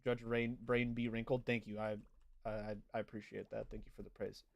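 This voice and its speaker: A man's voice: lowish voice, little pitch movement, moderate pace, vocal fry, no room sound. A young man casually chatting through a game livestream, reading out and answering viewer chat as he plays. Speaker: streamer.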